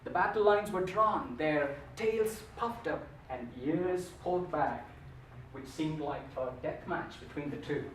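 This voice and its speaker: A man's voice: fairly high pitch, a little slow, reverberant, distant mic, slight background noise, rough recording. A man giving a humorous storytelling speech at a contest, with a playful, theatrical delivery. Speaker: contest speaker.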